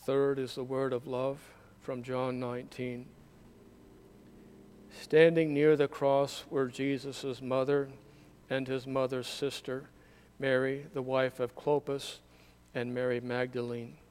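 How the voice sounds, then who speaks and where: Brief: male scripture reader at a candle service, resonant and even, solemn. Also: medium pitch, smooth. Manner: measured, solemn reading.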